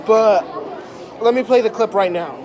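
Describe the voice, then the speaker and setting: A man's voice: sits high, normal speed. Mock-dramatic young man telling a story. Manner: exaggerated, mock-dramatic, rambling asides. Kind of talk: comedic storytelling to an audience. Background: crowd, laughter.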